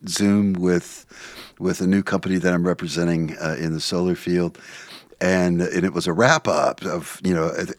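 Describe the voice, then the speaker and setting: A man's voice: low voice, no echo. A man co-hosting a podcast in casual chat, telling rambling anecdotes with frequent restarts. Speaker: podcast co-host.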